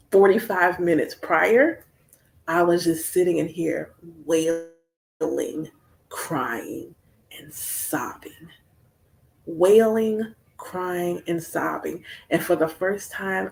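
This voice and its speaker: Animated American woman chatting on a livestream. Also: on the low side, vocal fry. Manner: animated, storytelling with playful asides. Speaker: spiritual practitioner hosting a livestream. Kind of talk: casual livestream chat.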